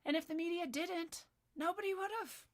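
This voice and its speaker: A woman's voice: very high voice, normal speed. Heated, foul-mouthed woman ranting. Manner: profane, heated, swings between ranting and soft asides. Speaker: video commentator. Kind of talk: angry personal commentary.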